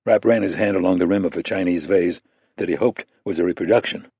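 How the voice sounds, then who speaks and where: A man reading a thriller audiobook aloud in a measured, steady narration. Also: low-pitched, creaky, breathy edge, no room sound. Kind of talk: scripted narration.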